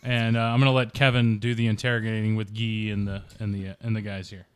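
A man's voice: fairly low pitch, flat delivery, fast talker, clear, resonant tone. A man playing in a tabletop game, easygoing and trailing off with "uh.". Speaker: player. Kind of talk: casual tabletop play.

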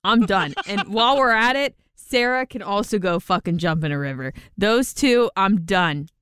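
Woman co-host, blunt and swearing, smooth clear voice, lively pitch, dry close sound. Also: moderate pace, no room sound. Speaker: podcast co-host. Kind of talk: casual reality TV recap chat.

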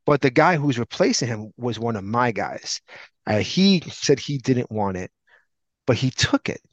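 This man co-hosts a podcast and tells a lengthy, meandering story at a measured pace, voicing each character with animated acted-out quotes. His voice sits in the mid range, and the lo-fi audio is dull, with no room sound at all.

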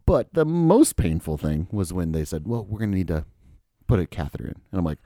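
A low-voiced man hosts a podcast, talking fairly quickly in a dry, clean studio recording. He tells a story conversationally, with lots of energy and swearing, voicing what others said.

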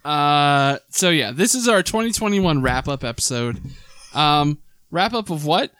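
Animated young man hosting a podcast. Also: a little high, a little slow, clear, resonant tone. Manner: joking, rambling, laughs often. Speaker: podcast host. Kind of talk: casual podcast banter.

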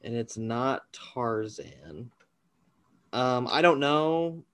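A man's voice: mid-range voice, very animated, drawn-out words, fairly bright tone, no echo. A man co-hosting a casual podcast, guessing films and rambling with self-deprecating laughs. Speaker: podcast co-host guessing movies. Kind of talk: casual chat.

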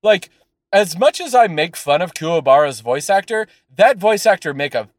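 Man, casual podcast chat, rambling, profane, fairly high pitch, dry recording. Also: normal speed, no echo. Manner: animated, profane, rambling with fillers. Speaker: podcast co-host.

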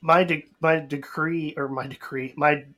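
Guy with a slightly higher voice tossing out dry quips on a podcast. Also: steady tone, a little slow, fairly bright tone. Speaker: podcast co-host. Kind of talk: casual chat.

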